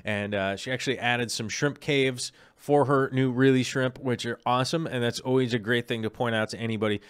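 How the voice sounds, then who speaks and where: A man's voice: medium pitch, fairly even intonation, a little fast, smooth, no room sound, studio quality. A man hosting a live aquarium show, chatting casually with lots of ums and restarts. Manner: rambling, many ums and restarts. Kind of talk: casual live-stream chat.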